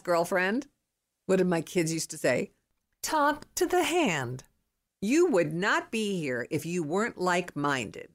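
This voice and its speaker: A woman in her fifties hosts a podcast in a low voice that swings widely up and down. She rambles from thought to thought in an excitable, emphatic monologue full of motivational urging. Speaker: podcast host.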